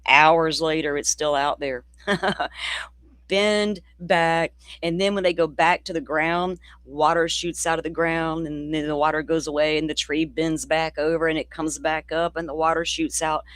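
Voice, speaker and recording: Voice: medium pitch, steady tone, a little slow, fairly bright tone, no room sound. Blunt, profane true crime host. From Florida, near the Alabama state line. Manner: chatty, loose, rambling. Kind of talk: casual livestream commentary.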